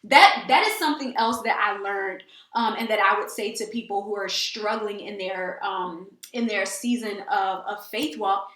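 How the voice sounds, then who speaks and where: A woman's voice: mid-range voice, normal speed, hardly any pauses, a bit bright. A woman hosting a casual faith talk, earnest and emphatic, often repeating phrases. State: teary. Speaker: host. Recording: echoey room.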